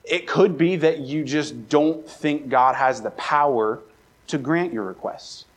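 A man's voice: on the high side, slow pace. A young adult man from the Baltimore area preaching a sermon, telling a personal story and acting out the scenes with a raised voice. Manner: animated, acts out scenes with raised voice. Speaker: pastor. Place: church sanctuary.

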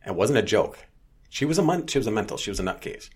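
Blunt, husky low-voiced man. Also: very animated, fast, darkish tone. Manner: blunt, profane storyteller. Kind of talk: casual chat.

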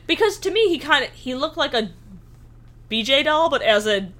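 A woman's voice: sits high, big pitch swings, normal speed, fairly bright tone, a little hiss or hum. A woman co-hosting a casual fan podcast, talking in an emphatic, playful way. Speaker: podcast co-host.

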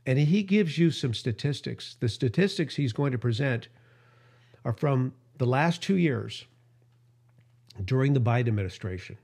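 A man hosting a radio show and podcast, talking in an emotional monologue that climbs higher in pitch when he is outraged and sometimes stumbles over his words. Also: lively intonation, normal speed, creaky, a little mellow, husky.

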